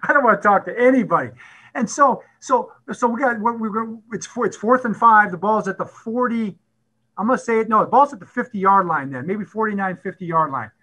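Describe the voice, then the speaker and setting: A man's voice: high-pitched, brisk, sharp tone, low-quality recording. A middle-aged man, a head football coach, telling a story with energy, acting out quotes and laughing often. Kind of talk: storytelling at a conference talk.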